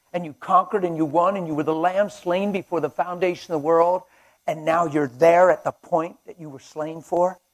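A man with a high-sitting voice preaches a fervent sermon at a men's breakfast. He swings between shouts and hushed asides, laughing and chatting with the crowd.

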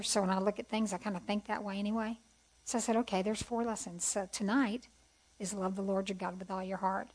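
A woman's voice: mid-range voice, low-quality recording. Earnest woman giving a testimony talk. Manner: earnest, conversational, asks rhetorical questions. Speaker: women's conference speaker. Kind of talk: testimony sermon.

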